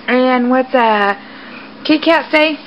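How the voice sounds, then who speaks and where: A woman coaxes a toddler in a high, sing-song, easily amused voice. The home-video sound is dull and lo-fi, with a faint hiss. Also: slow. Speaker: parent quizzing a toddler.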